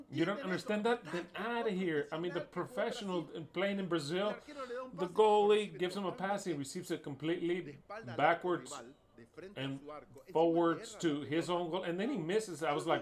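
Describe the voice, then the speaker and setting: A man's voice: fairly high pitch, normal speed. A man on an angry, profane rant, speaking with heat and scorn. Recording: crowd audible behind.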